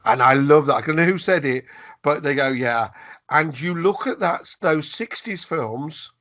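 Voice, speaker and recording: A chatty man with a fairly high voice, trading jokes in easy podcast banter. He often stops and starts again mid-sentence. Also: unhurried, a bit bright. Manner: chatty, jokey, full of restarts. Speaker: podcast co-host. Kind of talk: casual chat.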